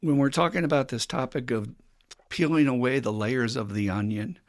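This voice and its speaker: A man's voice: mid-range voice, moderate pace, no room sound, studio quality. An older man hosting a recovery podcast, speaking bluntly and plainly, swearing casually and acting out the voices of people he quotes. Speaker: podcast host.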